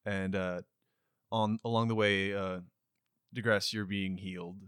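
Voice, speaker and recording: A man narrating as game master of a tabletop game, relaxed and hesitant, filling pauses with "uh". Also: lowish voice, clear, resonant tone, dry recording, clean studio sound. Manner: relaxed, hesitant, lots of "uh" while describing scenes.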